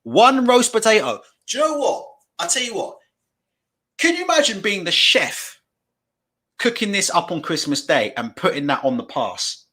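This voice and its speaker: A man hosting a live stream, with a high, bright voice that swings up and down as he reacts. He swears freely and breaks into laughter often. He speaks into a desk mic at his computer. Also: big pitch swings, normal speed.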